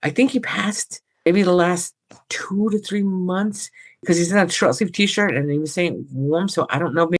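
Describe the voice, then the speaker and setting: A woman working as a psychic medium, talking casually and rambling as she relays messages from spirits. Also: low-pitched. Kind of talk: casual paranormal chat.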